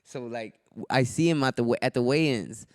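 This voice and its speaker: A man's voice: mid-range voice, fairly quick, no room sound, studio quality. A man, a fighter, telling stories on a podcast in casual chat, swearing a lot and acting out what people said. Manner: animated, acts out quotes loudly. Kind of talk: casual storytelling, profane.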